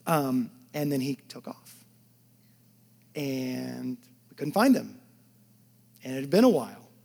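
Husky-voiced man preaching a sermon. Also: medium pitch, animated, slow. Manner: shifts from loud emphatic preaching to hushed near-whispers; conversational asides to the congregation. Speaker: pastor.

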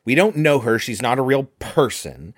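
A man's voice: mid-range voice, sing-song, normal speed, slightly rough, no echo, clean studio sound. A man co-hosting a podcast, chatting casually and analytically about a film. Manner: chatty, analytical, acts out quotes. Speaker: podcast co-host.

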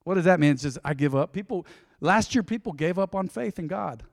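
A male pastor preaches in a folksy, chatty way, slipping into short acted-out exchanges between people. His voice sits fairly high for a man. It carries a long hall reverb over an otherwise dry close sound. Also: expressive, fairly quick, creaky. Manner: folksy and conversational, acting out little dialogues. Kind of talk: sermon.

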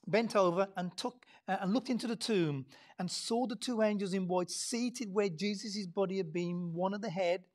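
A woman preaching an Easter Sunday sermon in a conversational way. She often drops to near-whispers and then pushes into loud, emphatic lines, and she repeats words and fills pauses as she thinks aloud. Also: medium pitch. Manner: repeats words and adds many fillers while thinking aloud.

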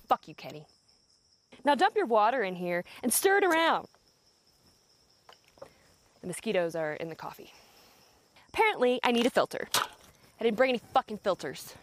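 A young woman narrates a scripted comedy vlog out in the countryside, her voice swinging widely in pitch. She is profane, sarcastic and exasperated, and she sits a little above the usual pitch for a woman. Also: big pitch swings, normal speed, long pauses, a little hiss or hum. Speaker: comedy video host. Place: outdoors in the countryside.

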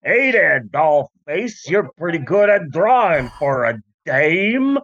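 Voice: mid-range voice, sing-song, a bit bright, muffled recording, exaggerated voice. A podcast host putting on a brash, wisecracking 1930s studio boss who drawls old-timey slang. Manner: brassy slang-heavy patter, slowed and drawled.

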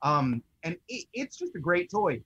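An excitable young man chats casually about his toy collection and rambles through his stories. His voice sits a little high for a man. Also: unhurried, slightly rough, dull audio. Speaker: co-host of a toy collecting show. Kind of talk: casual chat.

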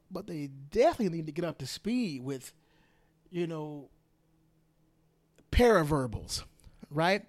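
A man hosting a podcast, delivering an opinionated political monologue. He is emphatic and repeats phrases for stress, swinging between loud and hushed. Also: fairly high pitch. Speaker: podcast host.

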